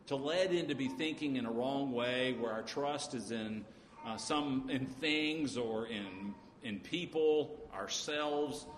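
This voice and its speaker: A man preaching a sermon, talking in a halting way with frequent pauses and restarts. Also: medium pitch, a bit bright. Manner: halting, many uh fillers and restarts. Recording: echoey hall with faint noise.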